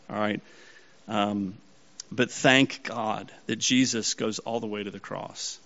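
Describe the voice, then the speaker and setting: A man's voice: medium pitch, a little slow, gravelly, a bit bright. Preacher man, muffled recording. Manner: checks in with the audience often, asking if they follow. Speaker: pastor. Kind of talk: sermon teaching. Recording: slightly dull lo-fi sound.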